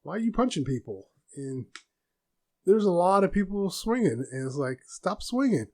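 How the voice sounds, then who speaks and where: A soft-spoken man hosting a casual solo podcast from a room at home, rambling with restarts. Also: high-pitched, sing-song, normal speed. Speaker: podcast host.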